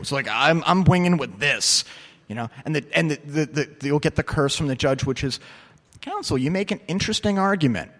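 A man's voice: a little high, a bit bright. A man who is a lawyer, giving a casual, anecdotal talk on computer crime law, acting out quoted voices. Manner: casual and profane, many fillers. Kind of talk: conference talk with audience Q&A.

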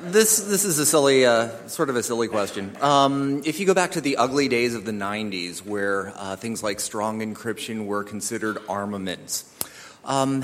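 A man's voice: medium pitch, in a large hall, slight background noise. A man in the audience asking a hesitant question. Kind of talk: question from the floor.

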